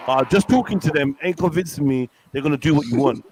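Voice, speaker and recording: A man hosting a livestream, talking in animated, slang-heavy banter with friends. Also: on the high side, fast talker, slight background noise. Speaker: livestream host. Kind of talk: casual group chat.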